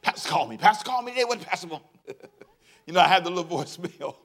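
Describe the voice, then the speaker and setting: Preaching as pastor, this man is animated and folksy, leading his congregation in call-and-response and laughing at his own stories. His voice is high and he races through his words.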